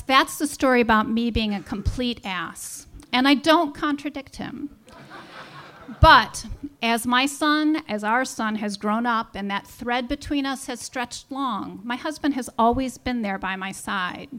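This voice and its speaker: High-voiced middle-aged woman telling stories. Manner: wry, animated storytelling with humorous asides. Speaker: storyteller at a story slam. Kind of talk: live personal storytelling. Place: live storytelling event in a brewery.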